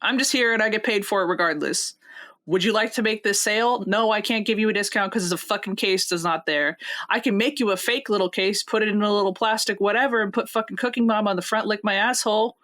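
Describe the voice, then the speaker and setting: A young woman co-hosting a casual podcast, retelling a workplace story with constant swearing and animated quotes. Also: mid-range voice, fast. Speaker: podcast co-host.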